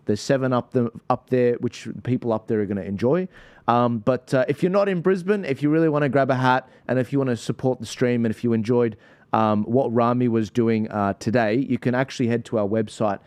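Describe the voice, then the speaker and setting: A man's voice: mid-range voice, fairly even intonation, a little fast, a little mellow, clean tone, dry recording. An Australian man hosting a livestream, chatting casually in an upbeat, promotional way. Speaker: livestream host.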